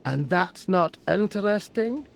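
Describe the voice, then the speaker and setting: A woman voicing a genteel older woman traveler in a video game, dry and quietly teasing. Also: lowish voice, animated, a little slow, vocal fry. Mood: dry amused.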